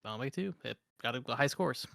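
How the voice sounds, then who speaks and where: A man's voice: medium pitch, lively intonation, a little fast, creaky, a bit bright, dry recording, clean studio sound. A young man co-hosting a gaming podcast, rambling casually with lots of "like" fillers. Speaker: podcast co-host. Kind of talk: casual chat.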